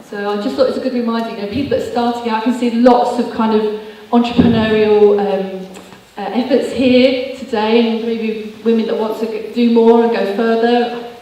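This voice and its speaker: A woman's voice: a little high, steady tone, normal speed, hardly any pauses, mellow. A woman giving a chatty, earnest motivational talk with slides, full of fillers and restarts. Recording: echoey hall, voice heard from far off.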